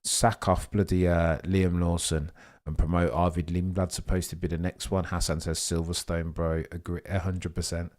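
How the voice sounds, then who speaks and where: This is a young man with a low, deep voice, hosting a live race watchalong stream. He talks in an excitable, rambling way and keeps reading out comments from his chat.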